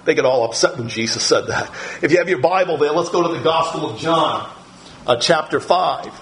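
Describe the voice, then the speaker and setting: A middle-aged pastor preaching a sermon, teaching from the Bible in a slow, deliberate way with pauses and fillers. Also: male voice, fairly high pitch, a bit bright, a little hiss or hum, poor audio.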